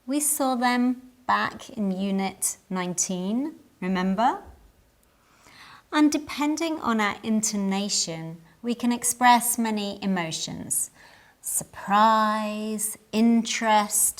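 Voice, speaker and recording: A woman teaching English in a scripted lesson. She speaks at an extremely unhurried pace and shapes each word with care. Her pitch sits in a middle range. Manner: careful, deliberate enunciation.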